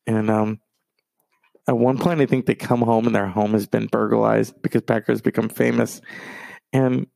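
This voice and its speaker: A man chats loosely about films on his stream, wandering off on tangents, swearing freely and correcting himself mid-sentence. His voice has a gravelly, fry-heavy edge. The sound is dry and close, with no room echo. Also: on the low side, fairly even intonation, normal speed, darkish tone. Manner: rambling, profane, self-interrupting movie talk. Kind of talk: casual chat.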